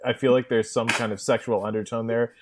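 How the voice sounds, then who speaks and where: A man's voice: medium pitch, flat delivery, fairly quick, background noise. A man hosting a casual gaming podcast, joking and laughing often as he talks. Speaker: podcast host.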